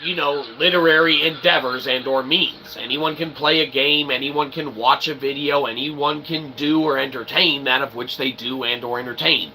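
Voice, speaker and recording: A man's voice: mid-range voice, sharp tone, slight background noise, poor audio. A man hosting a casual livestream, rambling and joking in wordy, roundabout phrases. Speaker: streamer and host.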